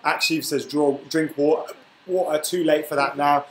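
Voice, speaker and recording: A man's voice: a little high, fairly even intonation, normal speed. Young man, hiccuping, casual live stream host, reads viewer comments, echoey room. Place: room at home.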